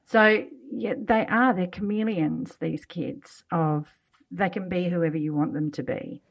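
A woman's voice: lowish voice, a little slow, vocal fry, muffled recording. A middle-aged woman telling family stories in a casual chat, laughing often as she talks. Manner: chatty storyteller, laughs often.

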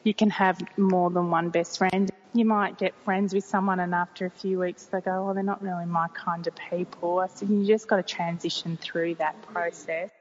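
A woman's voice: on the low side, level tone, moderate pace, hardly any pauses. A woman in her forties, a mother talking frankly and rambling as she corrects herself in a casual conversation. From Australia. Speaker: interviewee, mother of three. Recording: muffled, reverberant, faint hiss.

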